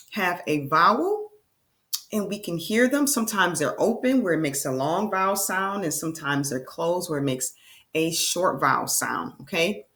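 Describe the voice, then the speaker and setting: A woman teacher giving a reading lesson to young children, with slow, enthusiastic, sing-song prompts. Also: medium pitch, fairly bright tone.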